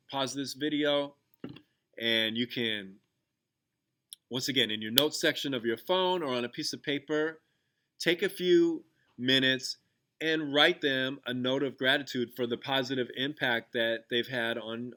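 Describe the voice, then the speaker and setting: A little slow and mid-range, his voice comes across bright and forceful. The man teaches and hosts a podcast, and here he casually leads a gratitude exercise, loose with fillers and restarts, and tells a story from class.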